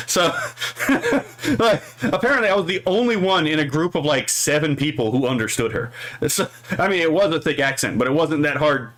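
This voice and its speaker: A man's voice: a little high, lively intonation, normal speed, a bit bright. Rambling male streamer chatting with viewers. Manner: rambling, keeps asking "right?"; chuckles between thoughts. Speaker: streamer reading chat. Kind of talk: casual stream chat.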